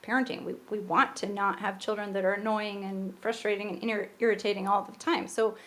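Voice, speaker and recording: A woman's voice: medium pitch, steady tone, fairly quick, fairly bright tone. A middle-aged woman co-hosting a podcast, explaining her views earnestly and at length, often restarting her sentences. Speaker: podcast co-host. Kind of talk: casual podcast conversation.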